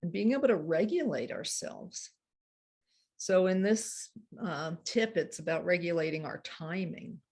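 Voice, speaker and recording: A woman coaching couples on handling conflict, explaining earnestly with soft laughs. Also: fairly low pitch, animated, measured pace, gravelly, breathy edge. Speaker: relationship coach. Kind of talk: teaching a couples workshop talk.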